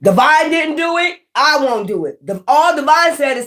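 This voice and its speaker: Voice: sits high, expressive, moderate pace, a bit bright. A tarot reader doing a casual spiritual reading, talking straight to viewers in a blunt, emphatic, profane and preachy way. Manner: preachy, addresses viewers directly.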